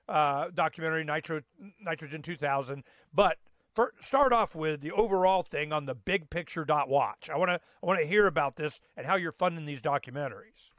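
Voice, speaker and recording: A man's voice: fairly high pitch, a bit bright, no echo, clean studio sound. A man hosting a talk show, chatting in a loose, folksy way with lots of fillers and restarts. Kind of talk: casual rambling chat.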